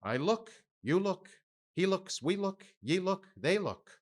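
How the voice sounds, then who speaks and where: Guy reading as a crazy young cabin boy, high singsong chanting, all over the place, slow. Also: very animated. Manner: chanting, wildly swinging pitch.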